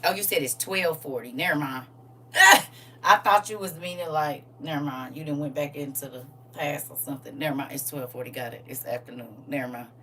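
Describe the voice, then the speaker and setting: Low-pitched middle-aged woman, chatty livestream host, greets viewers by name, laughing often, slightly off-mic, faint hum behind. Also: brisk, a bit bright, far from the mic. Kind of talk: casual morning livestream chat. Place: at home.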